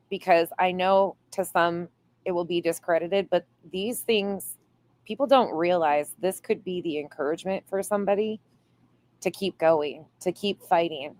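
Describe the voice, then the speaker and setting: Low-pitched lady, casual livestream host, reading chat and cussing for fun. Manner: reads viewer comments aloud, swears playfully.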